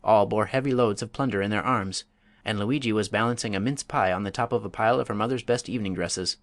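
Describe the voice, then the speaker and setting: A man narrating a classic story as an audiobook, in a measured, even storytelling voice. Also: on the low side, no echo.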